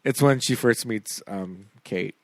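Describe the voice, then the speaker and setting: A man's voice: lowish voice, measured pace, vocal fry. A man co-hosting a podcast in casual chat, laughing often and slipping into silly voices. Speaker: podcast co-host.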